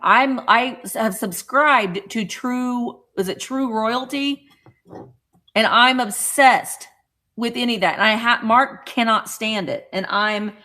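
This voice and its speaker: A middle-aged woman hosting a casual live stream, chatting with viewers and getting excited over small cute items. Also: medium pitch. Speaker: vintage reseller hosting a livestream.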